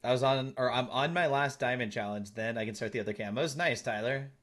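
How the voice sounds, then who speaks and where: A male game streamer with a medium-pitched, slightly bright voice talks briskly while playing. In this casual live-stream chat, he thanks viewers and teases his friends.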